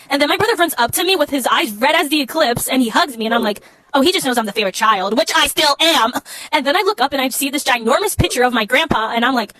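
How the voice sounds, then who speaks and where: A woman telling a self-mocking story in an animated way. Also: high voice, racing.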